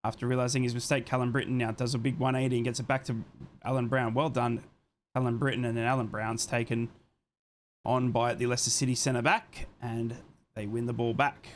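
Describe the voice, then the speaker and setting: A young man hosts a live watchalong of a football game, giving play-by-play and reading messages from chat, excitable and quick to swear. He speaks fairly quickly in a mid-range voice against slight background noise.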